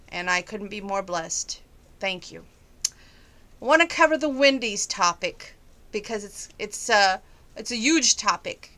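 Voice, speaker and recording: A middle-aged woman gives her viewers a chatty, folksy personal update while trying not to get emotional. Her mid-range voice sounds pushed and bright.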